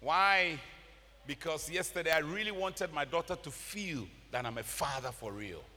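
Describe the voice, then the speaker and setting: A man with a Ghanaian accent preaching a sermon, animated, breaking into laughter and shouts. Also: on the high side, normal speed, in a large hall. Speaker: pastor. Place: large church.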